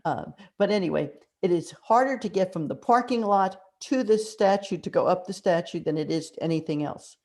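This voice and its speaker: A mystery author, an older woman with a low voice, shares stories in a relaxed interview, slipping into little acted-out quotes along the way. She's conversational and animated, speaking at normal speed with few pauses.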